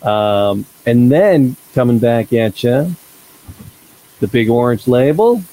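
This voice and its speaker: A man's voice: mid-range voice, expressive, slow, dark tone, low-quality recording. Laid-back man on a podcast. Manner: rambling, restarts often, laid-back. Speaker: podcast co-host. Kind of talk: casual chat.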